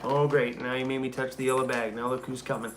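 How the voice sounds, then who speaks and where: A man's voice: mid-range voice, little pitch movement, brisk, noisy background. A man hosting a casual live stream from a hotel room, chatting with viewers and reading their comments in a laid-back, chummy way. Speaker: van-life YouTuber hosting a live stream. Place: hotel room, seated on a small chair.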